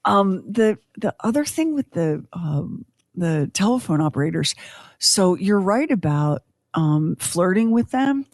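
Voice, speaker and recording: A woman's voice: fairly low pitch, very animated, unhurried, darkish tone, no echo, clean studio sound. A woman in her fifties hosting a podcast, chatting casually with tangents and self-deprecating humor. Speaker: podcast host.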